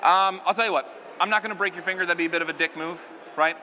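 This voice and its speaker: A man's voice: high-pitched, fairly even intonation, quick pace, sharp tone, big-room sound, a little hiss or hum. A man performing stage magic on a live stage, keeping up joking banter with a volunteer and the crowd.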